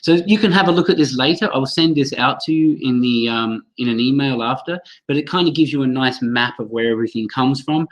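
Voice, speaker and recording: A man's voice: mid-range voice, brisk, hardly any pauses, low-quality recording. Chatty man leading an online teacher training. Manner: chatty, reacts to chat comments, restarts sentences.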